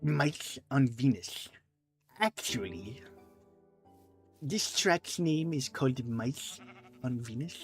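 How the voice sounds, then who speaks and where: A man voicing a dopey, slow-talking cartoon sloth, drawing out his words over faint game music. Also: medium pitch, animated. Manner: slow, drawn-out, goofy.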